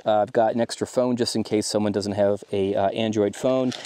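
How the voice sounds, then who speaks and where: Low, mellow man explaining step by step. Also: fairly quick. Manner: relaxed, explaining step by step with many "uh" fillers. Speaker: host of a radio and preparedness channel. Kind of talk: casual explanatory tutorial.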